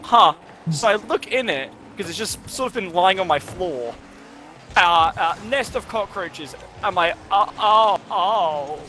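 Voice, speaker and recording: A man's voice: high voice, lively intonation, measured pace, sharp tone, a little hiss or hum. A young man who tells a rambling, sweary story while gaming with friends. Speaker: streamer and gamer.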